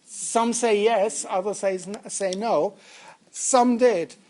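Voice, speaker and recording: Guy lecturing a class, slow and unhurried, cracks jokes, keeps asking the students stuff. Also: high voice, fairly even intonation, a little mellow. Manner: jokey and interactive, questions the students. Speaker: university lecturer. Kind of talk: lecturing on statistics.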